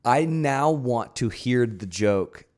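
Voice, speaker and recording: A man co-hosting a golf podcast, chatting in a relaxed, enthusiastic way. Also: mid-range voice, slow pace. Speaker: podcast co-host and editor. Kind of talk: casual chat.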